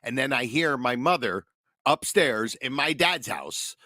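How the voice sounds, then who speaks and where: Middle-aged guy rambling a family story on a podcast, swears a lot, bright dry voice. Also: medium pitch, lively intonation, a little slow, no room sound. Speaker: podcast co-host. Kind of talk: casual storytelling.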